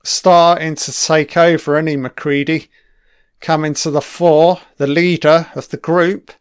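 A man drawls through a casual film commentary, his pitch a touch high and his voice smooth and clear. He swears constantly and enthuses over scenes, trailing off into asides. The sound is close and dry. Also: little pitch movement, measured pace, no room sound. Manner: profane, enthusiastic, frequent swearing.

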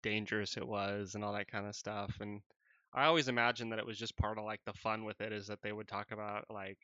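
A man's voice: fairly low pitch, flat delivery, brisk, pushed and bright, dry recording. A man hosting a casual podcast chat, joking loosely and swearing freely. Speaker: podcast host. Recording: dull dry recording.

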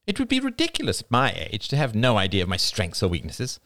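A man's voice: lowish voice, wildly swooping pitch, fast talker, a bit bright, no room sound, studio quality. A man voicing a proud, ailing middle-aged woman, a former famous reporter, who talks in a brash, snappish, theatrical way. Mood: rueful.

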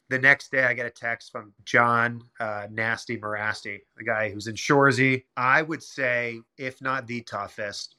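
A young man telling stories in a casual interview, animated and quoting people in quick chatty bursts. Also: medium pitch. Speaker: guest, pro hockey player.

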